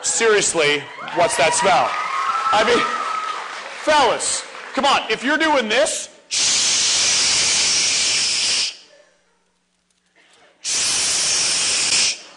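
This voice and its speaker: A man in his forties giving a comedic speech on stage, animated and acting out scenes for laughs. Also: high-pitched, takes it slowly, a loud crowd, very noisy. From Ontario, Canada. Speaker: motivational speaker. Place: stage before a live audience.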